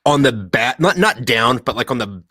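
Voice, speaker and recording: A man's voice: medium pitch, lively intonation, moderate pace, pushed and bright, no room sound. A young man telling profane war stories in casual chat, rambling with lots of fillers. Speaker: podcast host.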